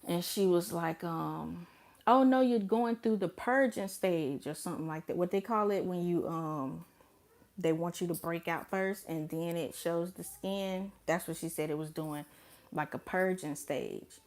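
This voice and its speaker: A young woman talks straight to her vlog audience in a loose, blunt, profane way. She acts out what she said to others with sudden jumps in her voice. Her voice sits a bit low for a woman. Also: measured pace. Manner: animated, blunt and profane, with dramatic quoted asides. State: pregnant. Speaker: vlogger. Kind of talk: casual storytime vlog.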